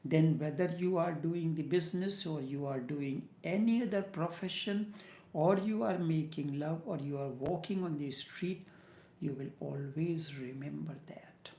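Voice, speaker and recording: A man giving a measured spiritual discourse, dropping to a whisper on key words. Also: fairly high pitch, dark tone, slight background noise. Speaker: spiritual teacher. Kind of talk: slow meditative spiritual discourse. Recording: echoey room.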